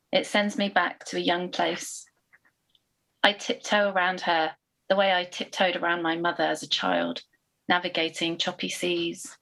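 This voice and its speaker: A woman poet reading from her own pamphlet at a live event, in a calm, even delivery. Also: on the low side, poor audio. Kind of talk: poetry reading.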